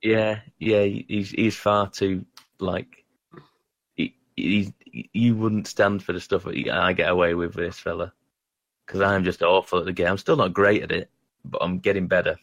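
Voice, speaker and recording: A man in a casual gaming chat, talking in a rambling, halting way and poking fun at his own skills. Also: sits low, level tone, fairly bright tone, no room sound. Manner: rambling, halting, self-deprecating.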